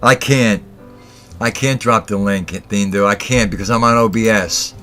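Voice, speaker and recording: A man's voice: fairly low pitch, normal speed, sharp tone, faint music behind. Giggly man hosting a casual livestream. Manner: giggling constantly, breaking into laughter mid-sentence. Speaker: livestream host.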